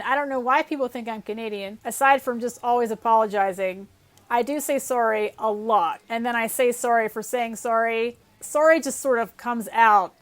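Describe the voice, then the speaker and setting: A woman hosting a casual Q&A, reading out viewer questions and answering in a chatty, self-deprecating way. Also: fairly high pitch. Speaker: YouTube channel host answering viewer questions. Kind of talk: casual Q&A chat.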